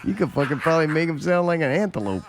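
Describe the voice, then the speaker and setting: A man's voice: on the high side, sing-song, very fast. A man co-hosting a podcast in casual, blunt and profane chat, laughing often. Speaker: podcast co-host. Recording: noisy background hiss.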